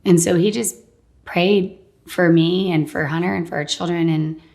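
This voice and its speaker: A woman in her thirties shares her personal faith testimony as a guest, speaking candidly and conversationally with frequent "like"s. Her voice sits on the low side, steady and a little mellow, with vocal fry at a normal speed.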